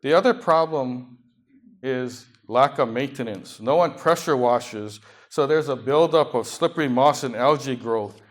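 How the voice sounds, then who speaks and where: A man's voice: medium pitch, a little slow. A man presenting slides at a seminar to a live audience, moving through safety points and dropping jokes between them. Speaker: seminar speaker. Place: conference room.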